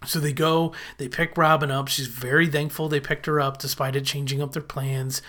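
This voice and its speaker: A chatty recapper retelling a sitcom episode in a casual, animated way, quickly acting out short quoted lines. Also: medium pitch.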